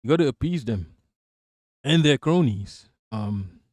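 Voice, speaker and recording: On his livestream, the Malaysian host jokes and swears through a casual political rant and reads chat messages aloud. His medium-pitched voice has lively intonation and a darkish tone, and he talks a little slowly. The studio recording is dry.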